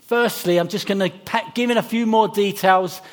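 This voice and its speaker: An English man gives a Christmas sermon in a church hall with a light, high voice. He keeps it chatty with little jokes, then slows right down to read the Bible passage. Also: steady tone. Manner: chatty and jokey, slowing for scripture reading. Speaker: pastor. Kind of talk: Christmas carol service sermon. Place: church hall before a congregation.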